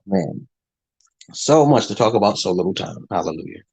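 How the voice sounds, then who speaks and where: Husky, ranting man with a lively voice. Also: lowish voice, a little slow, rough recording. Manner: ranting, heavy swearing, many restarts. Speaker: channel host. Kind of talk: rambling profane monologue to viewers.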